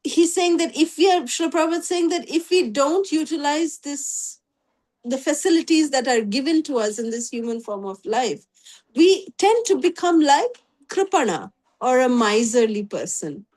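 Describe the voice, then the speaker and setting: A woman's voice: high voice, animated, normal speed, a little mellow. A woman teaching a spiritual class over a video call, telling stories conversationally with frequent fillers. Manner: conversational, many "you know" fillers. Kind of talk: scripture class talk with storytelling.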